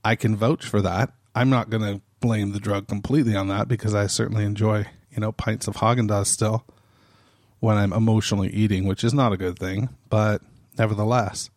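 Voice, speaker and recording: A man with a fairly low voice hosts his podcast in a casual, chatty way. He laughs easily and restarts phrases as he goes. The sound is dry and close, with no room around it. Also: steady tone, fairly quick, a little mellow, no room sound. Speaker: podcast host. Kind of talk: casual off-the-cuff chat.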